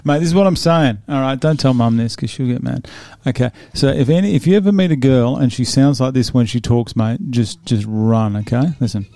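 A man in his forties with a gravelly, mellow voice talks in an easygoing, chatty way. He laughs often. His voice sounds close and dry, with no room echo. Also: mid-range voice, brisk, few pauses. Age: 40s. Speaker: podcast host previewing fights. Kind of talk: casual chat.

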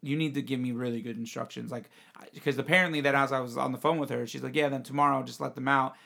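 Fast and gravelly at medium pitch, a young podcast host spins a story in casual conversation. He brings an animated energy, acting out other people's voices and laughing often.

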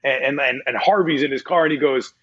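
Laid-back slightly husky man. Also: mid-range voice, a little fast. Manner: laid-back, rambling, laughs easily. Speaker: voice actor guest. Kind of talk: casual interview chat. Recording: dull lo-fi sound.

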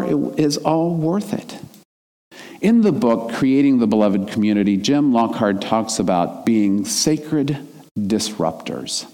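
A man's voice: on the high side, a little mellow, long reverb tail. A man delivering a sermon in an earnest, reflective way, his emphasis rising and falling as he makes his points. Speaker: minister.

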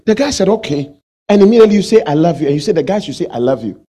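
Husky, animated male pastor preaching. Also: a little high, fast talker. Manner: animated preaching, asks the congregation questions. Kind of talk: sermon.

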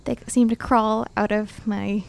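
Woman, tabletop player, gravelly voice, flirty coaxing manner. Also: medium pitch, flat delivery, unhurried. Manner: flirty, coaxing character talk. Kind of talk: in-character tabletop role-play.

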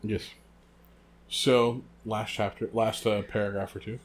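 A man co-hosting a book podcast, reading passages aloud and chatting in an animated way. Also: fairly low pitch, measured pace. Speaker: podcast co-host.

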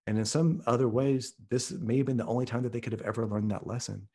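A podcast guest from Oklahoma in the US Midwest, an author and speaker, tells a story in conversation with earnest vividness. His mid-range voice is fast, dark and breathy-edged, with vocal fry.

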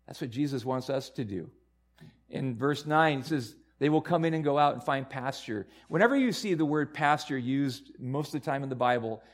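A man preaching a sermon as pastor, earnest and repeating himself, building to loud emphatic peaks. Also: mid-range voice.

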